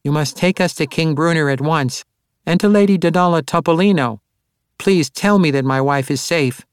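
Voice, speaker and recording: A man's voice: fairly high pitch, normal speed, smooth, no echo, clean studio sound, pitched above the performer's own voice, lightly acted. A man voicing an anxious male halfling hero who speaks urgently and pleadingly, in an audiobook.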